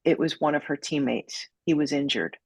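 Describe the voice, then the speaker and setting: A woman with a husky, slightly breathy voice tells a story as a podcast guest. She dramatizes it, acting out each quote. The sound is dry and close. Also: low-pitched, moderate pace, no echo. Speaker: guest, judo sensei.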